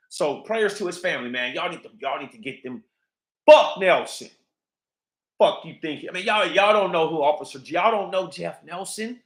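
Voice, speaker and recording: A man's voice: sits high, expressive, normal speed, echoey room. A man hosting a livestream, ranting in a heated, profane, repetitive way. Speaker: livestream host.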